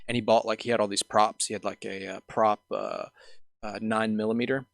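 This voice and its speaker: A man's voice: on the low side, little pitch movement, brisk, gravelly, a bit bright, no echo, studio quality. A man hosting a podcast, telling a long story in a casual, rambling way full of fillers and restarts. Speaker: podcast host.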